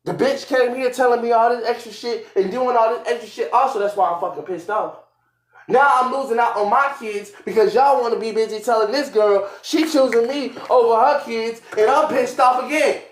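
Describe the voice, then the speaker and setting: A young man arguing angrily and profanely with his partner on a live stream, repeating himself and shouting. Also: very high-pitched, a little fast. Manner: angry, profane, repetitive shouting. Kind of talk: heated argument on a live stream. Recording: echoey room.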